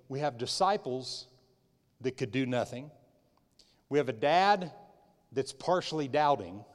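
A middle-aged male pastor preaching a sermon in a conversational way, swinging from loud emphatic bursts to quiet, low asides, with frequent restarts. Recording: long reverb of a large hall.

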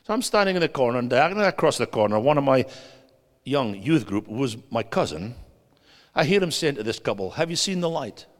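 Man, guest preacher, sermon, swings from loud to hushed, asks the crowd questions, long reverb of a church hall. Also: medium pitch, sing-song, brisk.

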